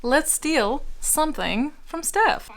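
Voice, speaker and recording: A woman hosting a book vlog in casual chat, excitable and gushing, laughing often as she talks. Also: high voice, slow pace, vocal fry. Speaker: book vlogger host.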